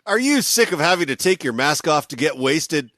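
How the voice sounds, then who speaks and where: A man's voice: fairly high pitch, big pitch swings, moderate pace, fairly bright tone, dry recording, studio quality. A man hosting a casual podcast, joking, laughing often and swearing. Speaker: podcast host.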